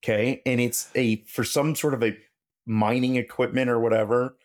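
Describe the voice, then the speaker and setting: A man, a podcast guest and machinist, telling stories in casual conversation and acting out quoted dialogue with lively shifts in his voice. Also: medium pitch, moderate pace. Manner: animated, acts out quoted dialogue. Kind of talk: casual storytelling interview.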